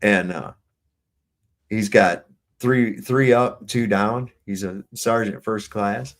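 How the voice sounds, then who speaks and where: A man's voice: fairly low pitch, slow. A man in a casual panel chat, telling army stories in a rambling, profane way with frequent restarts.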